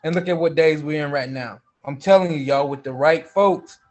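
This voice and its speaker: A man's voice: a little high, normal speed, darkish tone. A man speaking up as a group member on a casual livestream, earnest and emphatic, repeating his key points.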